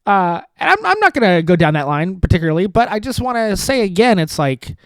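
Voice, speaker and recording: Rambling, sardonic man with a lively voice. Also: high-pitched, quick pace, clear, resonant tone, no room sound. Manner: rambling, profane, sardonic, with many restarts. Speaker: podcast host. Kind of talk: solo comedic monologue. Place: studio apartment.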